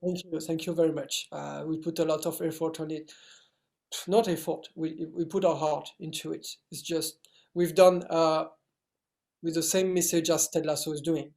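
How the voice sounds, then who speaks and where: A man's voice: fairly high pitch, level tone, moderate pace, creaky, darkish tone. A young man from France with a French accent, answering interview questions in a hesitant, filler-heavy way. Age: young adult. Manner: hesitant, many fillers and restarts. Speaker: actor guest.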